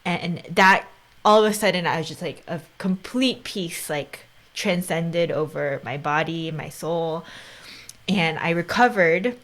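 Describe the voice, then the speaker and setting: Soft-spoken woman, lowish voice. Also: a little slow. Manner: soft-spoken, earnest, often drops to a near whisper; heavy use of "like" and "right?". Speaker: podcast host. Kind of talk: casual conversation.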